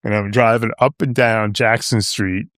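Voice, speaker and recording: The speaker is a man in his seventies from Long Island, New York, telling a story casually on a podcast. He rambles and keeps dropping "you know" and "right?" His voice is on the low side and fairly bright, with fairly even intonation at a normal speed, recorded in studio quality with no room sound.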